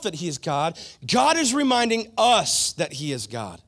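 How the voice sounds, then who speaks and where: A male pastor preaching a sermon in an animated style, mixing conversational asides with playful mock impressions. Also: high voice, a little slow, few pauses.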